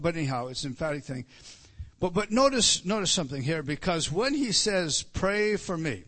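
A man's voice: a little high, sharp tone. Man preaching with emphatic rising stresses. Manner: halting restarts, repeated words, emphatic rises. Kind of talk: expository Bible teaching sermon.

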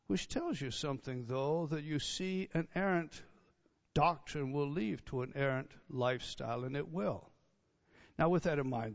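A man's voice: fairly high pitch, lo-fi sound. A man pastor preaching an expository sermon with an emphatic, repetitive cadence and conversational asides.

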